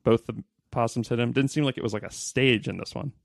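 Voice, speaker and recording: Gravelly-voiced male podcast co-host. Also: mid-range voice, fairly even intonation, brisk, dry recording, clean studio sound. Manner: playful, puts on voices when reading quotes. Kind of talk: casual chat and reading aloud from a book.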